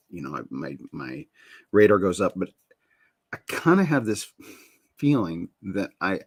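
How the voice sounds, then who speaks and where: A man's voice: sits low, breathy edge, no room sound. A middle-aged man hosting a casual chat show, rambling and interrupting himself, often laughing at himself. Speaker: show host.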